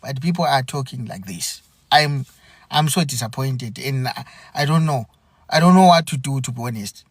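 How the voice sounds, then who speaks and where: A man from Zimbabwe hosting a podcast, speaking an earnest, aggrieved monologue full of repeated phrases and halting restarts. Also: medium pitch, animated, husky, dry recording, studio quality. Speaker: podcast host. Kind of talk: impassioned spoken monologue.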